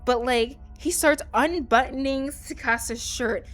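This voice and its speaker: With soft music in the background, a woman hosts a let's play and tells a story at an unhurried pace. Her casual gaming commentary is chatty, marked by lively pitch jumps and frequent "like" and "um."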